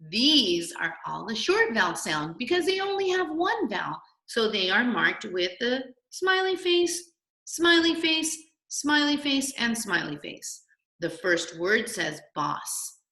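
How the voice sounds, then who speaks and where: A woman teaching a recorded phonics lesson to young children, slow and exaggerated, in a sing-song teacher voice. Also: on the high side, sing-song, pushed and bright. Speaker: kindergarten teacher. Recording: echoey room.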